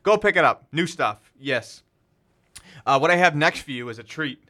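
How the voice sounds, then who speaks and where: A man's voice: on the high side, expressive, normal speed, sharp tone. A man hosting a metal radio show from a small station studio, talking loosely with fillers and self-corrections as he introduces tracks. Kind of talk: casual radio show patter.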